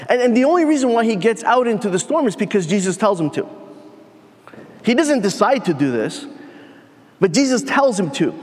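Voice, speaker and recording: A man's voice: high voice, big-room sound. A man preaching a sermon as pastor, earnest and building in intensity as he speaks.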